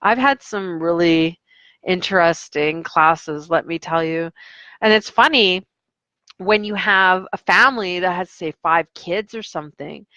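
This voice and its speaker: A woman's voice: lowish voice, unhurried, pushed and bright, no echo, highs cut off. A young adult woman, an online English teacher, chatting casually about her classes and acting out her students in quotes. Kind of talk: casual vlog storytelling.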